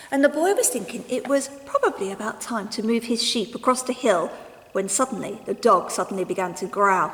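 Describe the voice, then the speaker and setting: A woman leading a school assembly and reading a story aloud to young children in an expressive, animated way. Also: mid-range voice, a little fast. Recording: echoey hall with long reverb.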